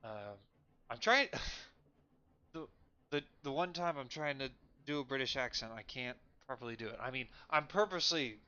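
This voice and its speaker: A man's voice: medium pitch, lively intonation, normal speed, bright, forceful tone, clean tone, muffled recording. Chatty self-deprecating male streamer. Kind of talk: casual commentary while gaming.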